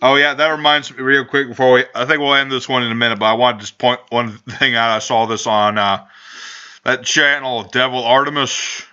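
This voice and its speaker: Guy hosting a podcast with friends, bright sharp voice, jokey and rambly, muffled lo-fi audio. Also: mid-range voice, steady tone, brisk, clean tone. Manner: joking, rambling, profane. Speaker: podcast host. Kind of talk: casual podcast chat. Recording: dull lo-fi home recording.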